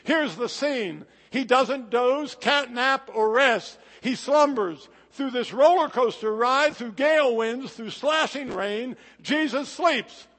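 A man preaching a sermon in a dramatic, rhythmic delivery that swings from loud to hushed. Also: extremely high pitch, slow, hardly any pauses. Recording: echoey hall.

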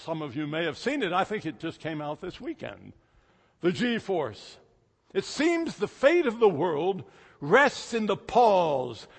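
High-voiced man in his sixties preaching slowly. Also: gravelly. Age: 60s. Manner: animated storytelling with sudden loud and soft swings. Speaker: pastor. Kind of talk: sermon. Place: church sanctuary. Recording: echoey church hall.

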